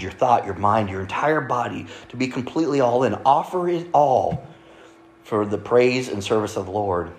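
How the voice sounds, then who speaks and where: A man pastor preaching a sermon in a conversational way, often checking in with the congregation. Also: medium pitch. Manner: conversational, frequent "right?" asides to congregation. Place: church sanctuary. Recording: echoey church room.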